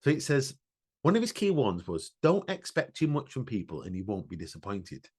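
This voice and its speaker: A man's voice: mid-range voice, big pitch swings, moderate pace, a little mellow, husky. Earnest man telling a story. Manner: earnest, reflective storytelling with many restarts. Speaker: podcast co-host. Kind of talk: emotional casual chat.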